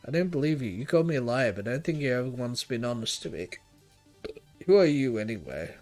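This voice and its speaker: A man's voice: mid-range voice, expressive, rapid-fire, a little mellow, faint music behind, natural voice. A man voicing a frightened young man who pleads in a raised, strained, wavering voice. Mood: desperate.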